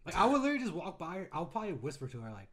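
A man's voice: high-pitched, big pitch swings, very fast, fairly bright tone. A man from California co-hosting a podcast, talking in a casual, profane, joking way with big swings in delivery. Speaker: podcast co-host.

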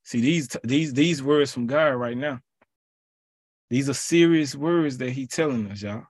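A man leads a Bible study podcast, preaching in a lively, colloquial style and repeating phrases for emphasis. His mid-range voice has a breathy edge and a measured pace. The recording is dry and studio quality.

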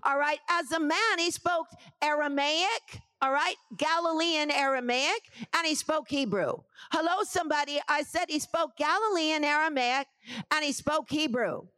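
A woman pastor teaching scripture in a sermon, calling for responses from the congregation with emphatic repetition and rising into shouted preaching. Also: high-pitched, normal speed, no echo. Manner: rises to shouted preaching at climaxes.

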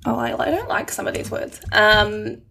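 A woman's voice: mid-range voice, animated, moderate pace, creaky, bright, forceful tone. A woman, a giggly, self-deprecating podcast guest in casual chat.

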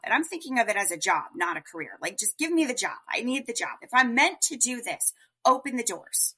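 A woman telling her story as a guest in a podcast interview, chatty and animated, with many fillers. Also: on the high side, brisk, slightly rough.

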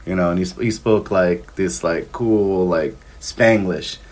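A man's voice: deep voice, unhurried, a little mellow. A man in his thirties, a podcast guest, telling travel stories in casual chat with lots of ums and likes. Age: 30s. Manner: rambling, filler-heavy, acts out dialogue.

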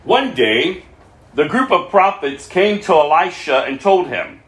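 A man's voice: fairly high pitch, very animated, a little slow, a bit bright. A man preaching a sermon, reading scripture aloud and breaking off with asides to the listeners. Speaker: pastor. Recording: roomy echo.

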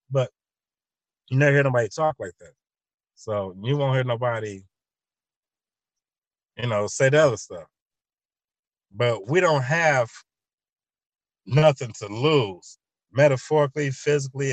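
A man's voice: medium pitch, no room sound. A man hosting a show, telling a loose, repetitive comic monologue and acting out both sides of imagined conversations. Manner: loose, repetitive storytelling with many restarts. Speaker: show host.

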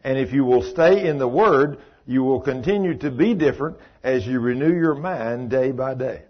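A man's voice: mid-range voice, normal speed. A man teaching an informal Bible study, folksy, asking listeners questions and calling them by name. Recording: dull lo-fi recording.

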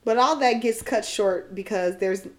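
A woman's voice: medium pitch, measured pace. A woman co-hosting a podcast, recapping casually and laughing often. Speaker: podcast co-host. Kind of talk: casual chat.

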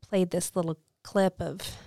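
A woman's voice: fairly low pitch, fairly even intonation, unhurried, warm tone, no echo, studio quality. A woman in her thirties co-hosting a faith podcast, telling a story earnestly and with emotion. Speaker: podcast co-host.

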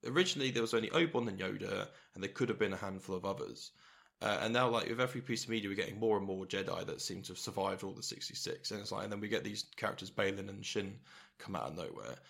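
A man's voice: on the low side, fast, gravelly, a bit bright. A man co-hosting a casual podcast, thinking aloud with hesitant, questioning talk. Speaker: podcast co-host. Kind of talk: casual chat.

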